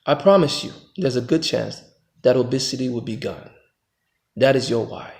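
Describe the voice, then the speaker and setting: Gravelly American man preaching motivation. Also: moderate pace. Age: adult father. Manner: emphatic, preachy, swings between loud pushes and low reflective stretches. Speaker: motivational vlogger. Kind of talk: motivational monologue.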